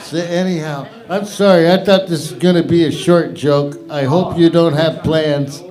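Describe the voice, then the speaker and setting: A man's voice: on the high side, normal speed, a crowd in the background. A middle-aged man hosting an open mic, telling a long stand-up joke in a rambling, profane way with lots of self-interruptions. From half English, half Irish. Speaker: open mic host and comedian. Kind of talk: stand-up comedy. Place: live comedy venue with audience.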